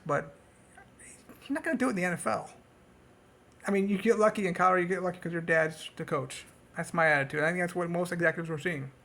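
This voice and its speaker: Sarcastic male sports vlogger, rambling fan rant, swings into high mocking tones. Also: fairly bright tone. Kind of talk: casual sports rant to camera.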